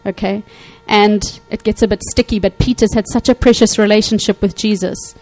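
A woman preaching a sermon to her congregation, animated, acting out Bible quotes and checking in often with her listeners. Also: medium pitch, moderate pace, faint music behind, low-quality recording. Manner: animated, acts out quotes, frequent "okay?" check-ins.

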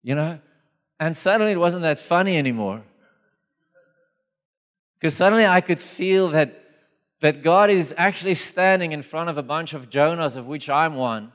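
A man delivers a sermon in a relaxed, conversational way, acting out the people in his story. His voice sits a little high for a man. The sound rings with the long reverb of a church hall. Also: moderate pace, long pauses. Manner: conversational, animated storytelling with acted quotes. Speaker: pastor.

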